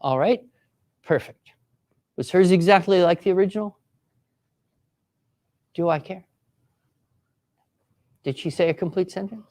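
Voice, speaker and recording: In an unhurried, warm, medium-pitched voice that pauses often, a writing teacher leads a live workshop. Students get encouragement and step-by-step directions, along with sample voices the teacher acts out.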